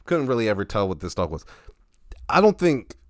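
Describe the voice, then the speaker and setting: A man's voice: fairly low pitch, sing-song, a little fast, no room sound, studio quality. A man in his twenties, chatting casually and rambling with lots of filler words. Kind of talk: casual chat.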